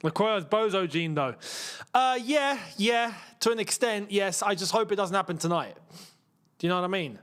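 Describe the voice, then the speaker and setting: A young man hosting a live football watchalong, chatting casually and shouting at near misses. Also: high-pitched, normal speed, clean tone. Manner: excitable, shouts at chances, chatty slang. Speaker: football channel host. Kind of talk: live match watchalong commentary.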